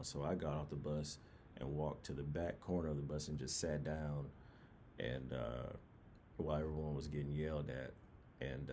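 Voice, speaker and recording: A man's voice: rumbling low, mellow, slight background noise. A young man from New Orleans casually telling a personal story in a rambling, laid-back way with many fillers.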